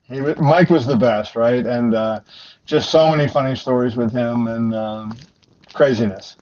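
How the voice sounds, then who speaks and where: A middle-aged man, a boxing journalist, telling long anecdotes in a relaxed, rambling way with many fillers. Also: medium pitch, moderate pace. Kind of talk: conversational storytelling. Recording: slightly dull lo-fi sound with faint noise.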